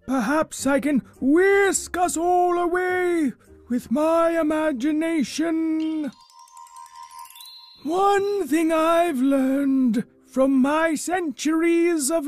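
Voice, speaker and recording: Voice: sits high, a little mellow. A performer voicing a lonely, centuries-old lava creature trapped in a volcano, who tells rambling stories in an improvised comedy audio story. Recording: faint music underneath.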